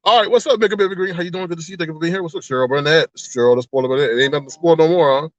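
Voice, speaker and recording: A man's voice: fairly high pitch, rapid-fire, dry recording. A man hosting a casual livestream, greeting viewers one by one and gossiping in a teasing, chatty way with frequent laughs. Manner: laughs often and breaks into exaggerated outbursts. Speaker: livestream host. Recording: dull, lo-fi dry sound.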